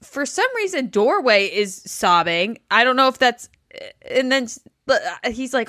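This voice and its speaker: A woman's voice: high voice, normal speed, no echo, studio quality. A woman co-hosting a podcast, chatting casually and acting out what the cast said. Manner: animated, acts out quotes of the cast. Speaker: podcast co-host. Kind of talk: casual chat recapping a reality show.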